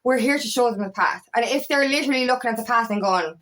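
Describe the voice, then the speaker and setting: A woman's voice: a little high, fast, few pauses, fairly bright tone. A woman coach giving a blunt, heated motivational talk, swearing often and leaning on fillers like "you know what I mean.". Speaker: empowerment coach. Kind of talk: casual motivational talk to camera.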